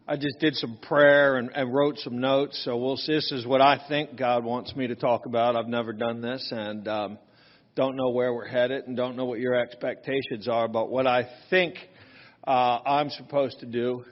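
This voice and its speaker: A man's voice: medium pitch, big-room sound. A man speaking casually to a workshop audience, chatty and self-deprecating, often checking in with "right?" asides. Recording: slightly dull, lo-fi recording.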